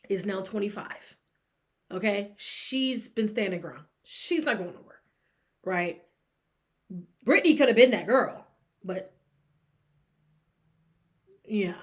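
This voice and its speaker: A woman, co-hosting a sports gossip podcast in an opinionated, animated way, firing off rhetorical questions at her listeners. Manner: breaks into high-pitched laughing disbelief. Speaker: podcast co-host. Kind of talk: casual sports gossip commentary.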